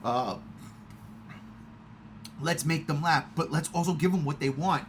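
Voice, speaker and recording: A man chatting casually in a movie review, excitable and swearing often. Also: fairly high pitch, measured pace, a little hiss or hum. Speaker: podcast host.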